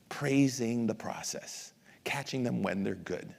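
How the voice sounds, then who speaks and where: A middle-aged man presenting at an education masterclass, who addresses the audience directly and acts out examples in a lively lecture. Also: medium pitch, a little slow, creaky. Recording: long hall reverb.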